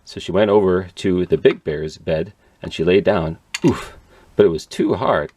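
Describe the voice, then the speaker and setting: A man's voice: low voice, normal speed, a little mellow. A man telling a children's story at a library in a playful read-aloud manner with sound effects.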